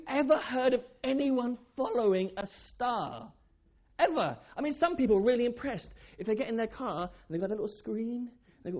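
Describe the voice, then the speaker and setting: A church speaker tells a Bible story to children with a lively, swooping delivery, stopping often to put questions to them. The recording sounds dull and lo-fi. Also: mid-range voice, a little fast. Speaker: children's talk leader. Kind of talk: children's sermon.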